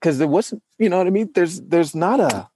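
Husky man telling a heartfelt story. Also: normal speed, dry recording. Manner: animated storytelling, acts out quotes with big pitch jumps. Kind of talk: emotional casual chat.

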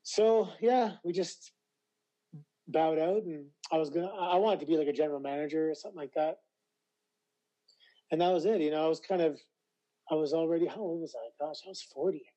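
Man from Canada, forties, dark warm voice, lively storyteller, casual interview guest. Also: fairly high pitch, fairly quick, pauses often, lo-fi sound. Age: 40s. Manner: animated storyteller, acts out quoted voices. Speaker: guest, retired wrestler.

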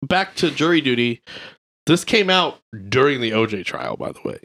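Lively, bright-voiced man. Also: mid-range voice, normal speed. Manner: animated, joking, swears freely. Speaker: podcast co-host. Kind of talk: casual chat.

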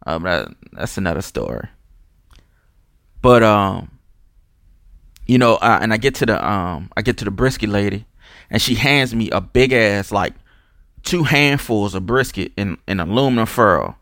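Rambling New man, low dry voice. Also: lively intonation, unhurried, pauses often, a bit bright, no room sound. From New Orleans. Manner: loose, profane, digressive, many restarts and fillers. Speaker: podcast host. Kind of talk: casual rambling monologue.

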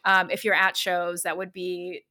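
A woman's voice: fairly low pitch, monotone, a little slow, bright, forceful tone. A young woman co-hosting a podcast, chatting casually and rambling with frequent giggles. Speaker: podcast co-host. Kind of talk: casual chat.

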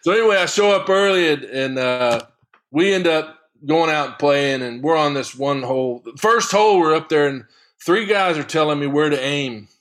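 A man's voice: on the high side, moderate pace. Chuckling man spinning a golf yarn. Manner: lively, chuckling raconteur. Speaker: guest, long drive golfer. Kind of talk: casual storytelling anecdote.

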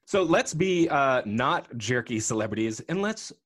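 A man co-hosting a podcast in casual chat, telling lively stories and acting out the quotes. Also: medium pitch, unhurried. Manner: animated storyteller, acts out quotes. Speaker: podcast co-host.

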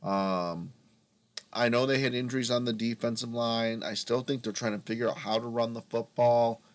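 A man's voice: medium pitch, fairly even intonation, normal speed, no echo. A man co-hosting a sports podcast, ranting theatrically and calling his listeners folks. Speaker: podcast co-host. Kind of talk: casual sports talk.

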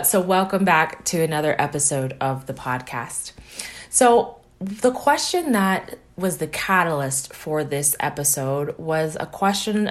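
Woman life-coach host, deep-toned, casual reflective solo podcast talk. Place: at home early morning, keeping voice down.

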